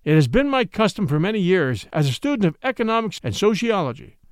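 A man's voice: high voice, big pitch swings, quick pace, no echo, studio quality. A man reading aloud and voicing a humble, earnest scholar who pleads his case on the witness stand. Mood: pleading.

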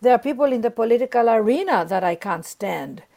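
A middle-aged woman with a somewhat high voice and plenty of vocal fry speaks as a guest in an interview. She talks earnestly and with emphasis, voicing the feelings she describes as if speaking them herself. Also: lively intonation, brisk, mellow. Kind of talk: warm spiritual interview talk.

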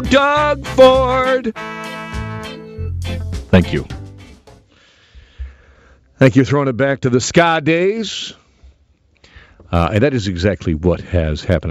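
A man's voice: on the low side, dry recording, clean studio sound. A middle-aged man, hosting a talk radio show in a jokey, theatrical monologue.

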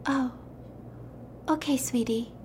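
A sugary, scheming lottery saleswoman, as a woman puts her on, pitched high and fussing with stammered concern. She sounds sweet on the surface. Faint room ambience hums behind. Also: slow, darkish tone, slight background noise.

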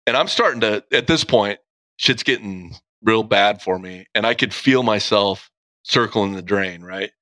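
A man's voice: lowish voice, a little slow, bright, forceful tone, no echo. A middle-aged man, a guest, candidly retelling a personal story in vivid, profane detail. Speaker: guest, police officer.

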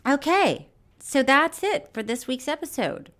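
A woman's voice: high voice, unhurried. Giggly woman cohost chatting casually, voice jumps all over, gets gushy. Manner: giggly, animated, gushing. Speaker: podcast co-host. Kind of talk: casual chat.

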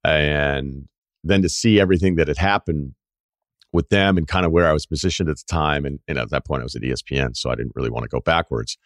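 A man from the Boston area hosting a podcast, telling stories in a casual, animated way, acting out quotes and swearing freely. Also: very deep voice, fast, dry recording, studio quality. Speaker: podcast host and longtime radio host. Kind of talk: casual storytelling chat.

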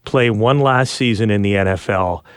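A man's voice: on the low side, clear, resonant tone, no echo, studio quality. Chatty man hosting a podcast. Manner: chatty, laughs easily, quick asides. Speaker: podcast host. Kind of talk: casual chat and news reading.

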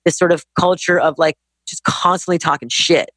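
A woman in her forties, a business-owner guest in a casual interview, talking in an emphatic, animated, rapid way. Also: fairly low pitch, no room sound. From Canada. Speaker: guest entrepreneur.

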